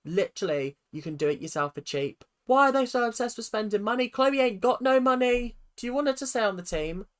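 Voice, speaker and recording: A woman with a British accent hosting a reaction video, ranting in an animated, sarcastic and exasperated way. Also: on the high side, fairly quick, hardly any pauses.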